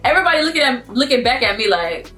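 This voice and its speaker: A young woman from Miami, telling a vlog story in a casual, animated, slangy way and acting out her own asides. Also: on the high side, fast, soft background music. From Miami, Florida. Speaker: vlogger.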